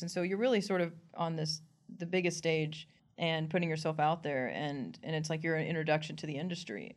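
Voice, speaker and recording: A woman comedian in an interview, talking casually and animatedly, laughing often and acting out what people said. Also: deep voice. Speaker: comedian guest.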